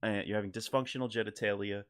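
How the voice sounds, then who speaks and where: A man playing a calm, matter-of-fact doctor in a told joke. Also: fairly low pitch, fast, clear, resonant tone, close to an everyday voice. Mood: clinical. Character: calm, clinical adult male doctor.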